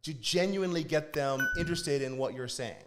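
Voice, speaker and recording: A man's voice: on the high side, fairly quick, music in the background. A man who directs a church kids ministry, telling stories in casual podcast chat and acting out children's voices. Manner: storytelling, acts out kids' voices. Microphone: podcast studio mic.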